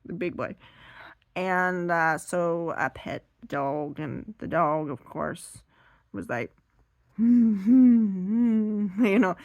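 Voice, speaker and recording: Seated, a woman performs stand-up comedy, rambling in an animated way at a very slow pace. Her voice is on the low side, and the recording is dry and close.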